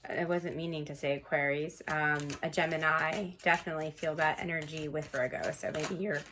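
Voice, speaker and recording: A woman in her thirties with a fairly low voice hosts a casual tarot reading from home. She rambles warmly to her viewers and laughs often as she talks. A faint hiss sits under the recording. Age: 30s. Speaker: tarot reader.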